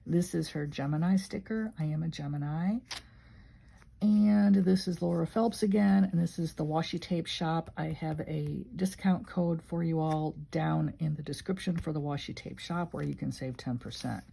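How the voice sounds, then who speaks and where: A woman's voice: low voice, normal speed, vocal fry, warm tone, slightly rough. An older woman from Illinois chatting casually and emotionally as she flips through her journal. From Illinois, USA. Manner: rambling, emotional, conversational. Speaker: journaling vlogger.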